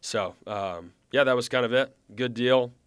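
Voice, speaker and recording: A man in his thirties, a former baseball pitcher, telling his story in a relaxed, chatty way. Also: unhurried, clear, resonant tone, no echo. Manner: relaxed, chatty, acts out quoted lines. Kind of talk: casual storytelling.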